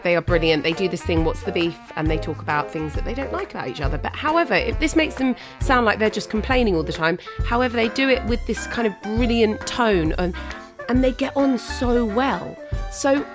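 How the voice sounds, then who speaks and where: A woman's voice: medium pitch, animated, a little fast, music in the background. A woman hosting a podcast over a video call, chatty and teasing in casual conversation. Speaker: podcast host. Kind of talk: casual chat.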